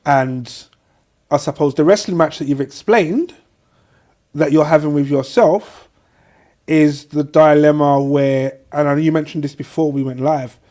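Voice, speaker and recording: Man, podcast co-host, reflective, rambling, somewhat high pitch. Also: unhurried, warm tone. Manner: thoughtful, rambling. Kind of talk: casual podcast chat.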